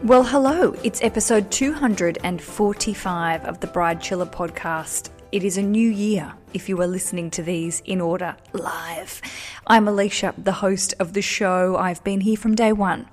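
An Australian woman hosting a podcast, talking in a casual, upbeat, chatty way and throwing in slang. Her voice sits at an ordinary middle pitch for a woman, and the room around her has a noticeable echo. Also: moderate pace, a little mellow, faint music behind. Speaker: podcast host. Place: echoey room in a family house.

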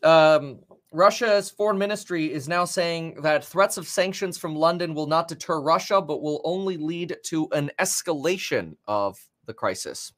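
Chatty man with a higher voice. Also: moderate pace, hardly any pauses, fairly bright tone. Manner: rambling, many fillers and restarts, reacts with laughs. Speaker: finance commentator. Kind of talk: casual live commentary on news.

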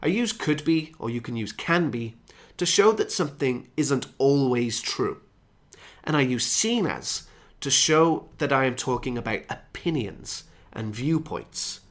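Guy teaching english on his podcast, mid-pitch voice, slows down to stress the phrases. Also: expressive. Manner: explanatory, varies pace to stress key phrases. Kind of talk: podcast lesson for English learners.

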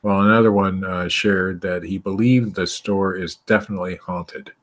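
Deep-voiced man reading news stories. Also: steady tone. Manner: reads stories haltingly, laughing through them. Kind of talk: casual chat reading news aloud.

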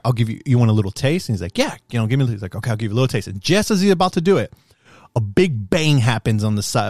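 A young man in casual chat, excitedly retelling a movie scene with lots of fillers and restarts. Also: lowish voice, no room sound, studio quality. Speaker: podcast co-host.

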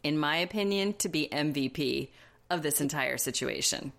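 A woman's voice: low voice, creaky, a bit bright. A woman co-hosting a podcast, chatting casually and giving candid, opinionated takes on a TV show. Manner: candid and opinionated, with quick asides. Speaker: podcast co-host. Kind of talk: casual TV recap chat.

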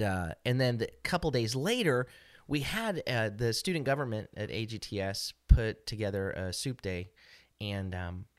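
Rambling middle-aged man, low voice. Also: fairly bright tone, no room sound, clean studio sound. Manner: rambling, many restarts and fillers. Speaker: podcast co-host. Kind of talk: casual storytelling.

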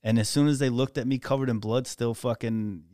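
A man on a casual podcast, reflecting on a hard moment in military training, relaxed and swearing casually. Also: medium pitch, brisk, dry recording, studio quality.

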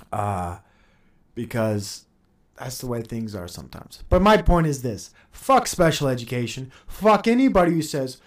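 A man in his thirties hosting a podcast, ranting in a heated, profane and sarcastic monologue, laughing between points. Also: fairly high pitch. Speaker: podcast host.

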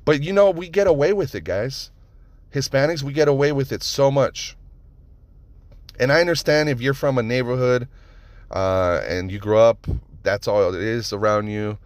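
A man hosting a podcast, telling stories in a casual monologue, animated and profane, with lots of rhetorical questions. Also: medium pitch, normal speed, no echo. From United States (Nevada). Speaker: podcast host.

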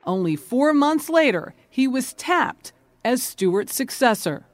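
A woman correspondent narrating a news feature in a measured, polished reporter delivery. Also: high-pitched, big pitch swings.

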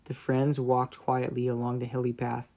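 A man narrating a children's Bible story with gentle, dramatic storytelling that softens in solemn moments. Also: mid-range voice, monotone, normal speed.

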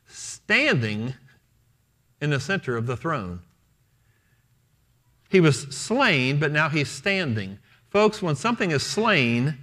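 A man's voice: a little high, big pitch swings, slow, long pauses, sharp tone. A man preaching a sermon, emphatic and repeating key phrases for stress, retelling scripture in the first person as the apostle.

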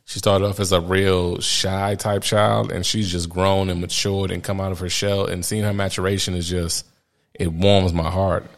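A man's voice: sits low, flat delivery, normal speed. A man in his thirties telling candid, rambling stories about becoming a father, laughing often as he talks. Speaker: father sharing parenting stories. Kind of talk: casual personal storytelling.

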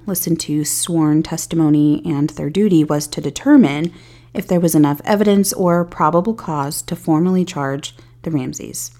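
A woman hosting a podcast, reading a scripted true-crime narration in a measured way with candid personal asides. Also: deep voice, warm tone. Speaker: podcast host.

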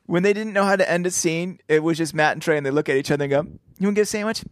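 A man's voice: fairly high pitch, very fast, no echo, studio quality. A man chatting on a podcast, joking and riffing on his co-host's lines. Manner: jokey, laughs often, riffs on the other's lines. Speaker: podcast co-host. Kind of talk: casual chat.

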